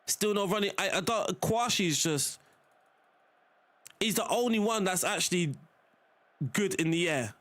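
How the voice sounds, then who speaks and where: Chatty male game streamer, lively voice. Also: high-pitched, unhurried, long pauses. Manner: chatty, talks to chat while playing. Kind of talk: casual live-stream commentary.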